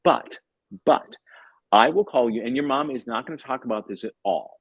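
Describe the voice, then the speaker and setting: A man in his fifties, a tutor and author, telling a story as a podcast guest in a lively way, acting out bits of dialogue and often repeating words. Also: medium pitch, moderate pace, vocal fry, slightly rough, no room sound, muffled recording.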